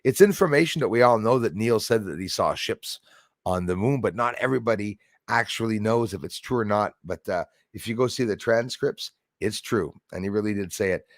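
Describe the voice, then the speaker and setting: A man's voice: on the low side, expressive, a little fast, no room sound, clean studio sound. A man hosting a casual live stream, greeting viewers by name and rambling with jokey asides. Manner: rambling with many fillers and restarts.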